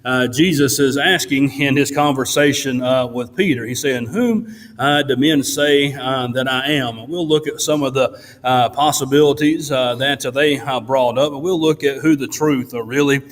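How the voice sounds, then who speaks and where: A man preaching a sermon in a church, pausing often with "uh" between phrases. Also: medium pitch. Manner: halting, fills pauses with frequent "uh". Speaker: pastor. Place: church sanctuary. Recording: long church reverb.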